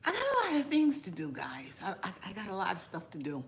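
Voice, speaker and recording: Seorang perempuan dengan aksen New mengobrol santai sambil makan di dapur rumahnya, bicaranya bertele-tele dan kadang dengan mulut penuh makanan. Nada suaranya sedang, khas vlog masak yang direkam di rumah. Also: female voice, medium pitch, wildly swooping pitch, fast talker. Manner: chatty, rambling, talks while eating with mouth full. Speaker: cooking vlogger. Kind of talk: casual eating vlog chat with live viewers. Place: home kitchen.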